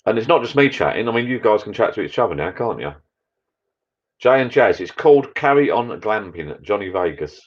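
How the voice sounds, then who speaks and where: A deep-voiced man talking quickly and rambling on in a friendly, matey way on a live stream. He chats casually to viewers from his garden bar shed. The audio sounds a little muffled and lo-fi. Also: big pitch swings. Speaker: vlogger hosting a live chat.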